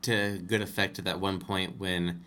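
A man's voice: low voice, little pitch movement, normal speed, bright, forceful tone. A man co-hosting a casual film discussion, rambling and correcting himself as he explains. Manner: rambling, self-correcting, chuckles while explaining. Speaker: podcast co-host.

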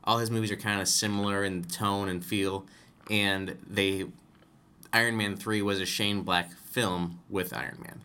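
Podcast co-host, male, lowish bright voice, rambling casual movie talk. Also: fairly even intonation, measured pace, smooth. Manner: rambling, self-correcting, chuckles while explaining. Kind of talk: casual film discussion.

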